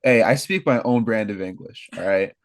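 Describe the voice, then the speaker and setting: Young american dude cohosting a podcast, kinda low voice, rambly, keeps fixing his own mixups. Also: moderate pace, no room sound. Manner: rambling, self-correcting, laughing at own slips. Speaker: podcast co-host. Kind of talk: casual podcast chat.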